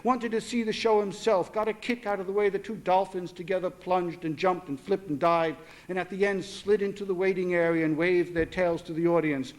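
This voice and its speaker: A man reading his own short story aloud at a literary event, with steady narration and quick self-corrections. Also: sits high. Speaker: author reading his fiction.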